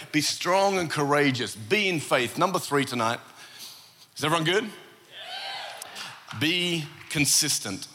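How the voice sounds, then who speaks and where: An Australian man preaching a lively sermon, telling a story with asides and humor. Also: fairly high pitch, a little hiss or hum. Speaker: pastor. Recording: long church hall reverb.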